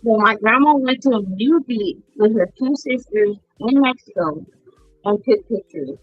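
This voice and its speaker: A woman's voice: on the high side, lively intonation, unhurried, no echo, faint music behind. Blunt, foul-mouthed woman telling stories. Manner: blunt, profane storytelling. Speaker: podcast host. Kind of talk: casual chat. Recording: dull lo-fi sound.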